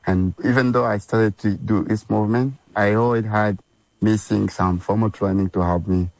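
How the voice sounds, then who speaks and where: Man, yoga teacher, fairly low voice, earnest, short simple phrases, documentary interview. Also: steady tone, moderate pace, darkish tone, dry recording, poor audio.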